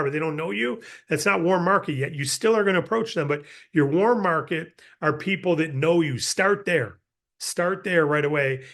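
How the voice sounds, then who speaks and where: Middle-aged male sales trainer, casual and energetic, pitch a touch high, role-plays sample pitches. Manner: energetic, acts out sales scripts.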